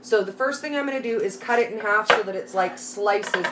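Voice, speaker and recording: A woman's voice: mid-range voice, a little fast. A middle-aged Canadian woman hosting a live recipe tutorial from her home kitchen, chatting and greeting viewers by name. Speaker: live cooking host. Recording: slightly distant mic, faint background noise.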